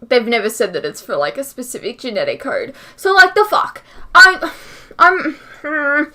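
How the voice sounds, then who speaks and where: High bright-voiced young woman ranting. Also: huge pitch swings, moderate pace. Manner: frustrated, swears a lot, fillers like "like". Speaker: reaction channel host. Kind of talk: casual reaction vlog rant.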